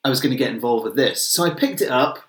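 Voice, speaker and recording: A man's voice: mid-range voice, fast talker, echoey room, a little hiss or hum. A man co-hosting a casual podcast, reviewing comics, opinionated and swearing freely. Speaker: podcast co-host.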